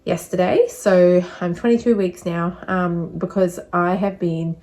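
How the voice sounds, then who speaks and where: Slightly out of breath, a young vlogger rambles through a casual update, chatting away with lots of fillers. Her voice is fairly low and warm, with fairly even intonation and a somewhat slow delivery.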